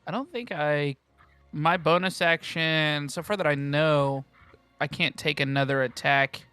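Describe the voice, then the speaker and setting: A man's voice: on the high side, unhurried, sharp tone, smooth, no room sound, faint music behind. A young man playing a tabletop game, chatting playfully in a meandering, hesitant way. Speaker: player. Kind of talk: casual chat at a tabletop game.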